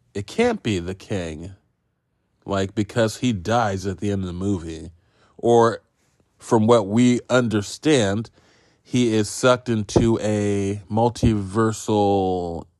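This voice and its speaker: A podcast host gives a casual solo film review, rambling, swearing freely, and poking fun at himself. His lowish voice is a little mellow, and the studio sound is clean, with no room sound.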